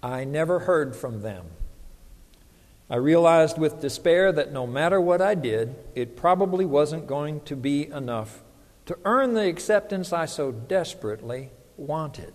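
A man's voice: a little high, expressive, unhurried. Earnest man preaching in a reverberant hall. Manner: earnest, emphatic preaching with rising intensity on quotes. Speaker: pastor. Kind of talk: sermon.

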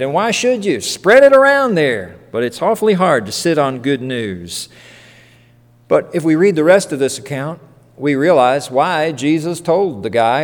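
An older man preaching a sermon in a conversational, storytelling way, with casual asides. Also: on the high side. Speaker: pastor. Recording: long reverb of a church hall.

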